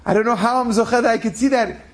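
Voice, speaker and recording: Man playing a scared nine-year-old boy, very high, breathless, excitable. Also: quick pace. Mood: awestruck. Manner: breathless, excited, sometimes yelling. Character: frightened awestruck boy of about nine.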